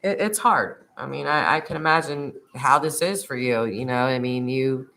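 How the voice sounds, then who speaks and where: A woman hosting an interview, careful and hesitant, speaking softly. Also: extremely low pitch, normal speed. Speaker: podcast host. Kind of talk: interview on a live stream.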